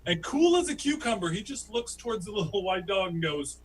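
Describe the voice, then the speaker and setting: A man doing a stand-up comedy story who laughs at his own tale and jumps into high, squeaky voices for the people he quotes. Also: sing-song, fairly quick, a little hiss or hum, rough recording. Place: home, virtual show.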